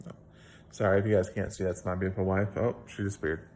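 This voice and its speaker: A man's voice: deep voice, flat delivery, fast talker, a little mellow, a little hiss or hum. A young man, a video blogger, casually retelling a Bible story at home in a plain-spoken, rambling way with fillers.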